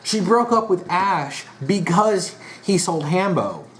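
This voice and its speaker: Casual monologue, frequent restarts, fed-up tone, middle pitch, faint noise. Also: very animated, slow. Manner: rambling, frequent restarts and fillers; exasperated, disappointed. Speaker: vlogger.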